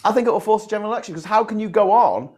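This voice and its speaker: A man's voice: high voice, lively intonation, racing, darkish tone, slightly rough. A man with a Liverpool accent hosting a casual livestream, ranting and swearing, often restarting his sentences. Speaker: host.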